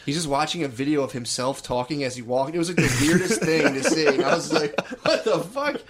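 Fast-talking young man swearing casually. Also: fairly high pitch, fairly even intonation, a loud crowd. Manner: profane, laughing, acts out quoted people. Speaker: podcast co-host. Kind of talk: casual storytelling chat.

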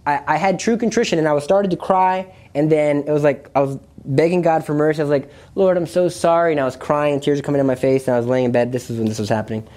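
A young man earnestly recounting a personal religious testimony, confessional and animated, often restarting his sentences. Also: quick pace, few pauses. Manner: earnest, confessional, with many restarts and pitch jumps. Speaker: speaker sharing his testimony.

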